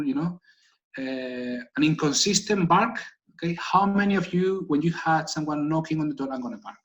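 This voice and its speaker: A man's voice: a little high, fairly bright tone, dull audio. A man leading an online meeting for guide dog volunteers, talking casually and checking in with the group after almost every point. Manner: chatty, keeps checking in with "okay?". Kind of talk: casual instructive talk on a video call. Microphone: video call.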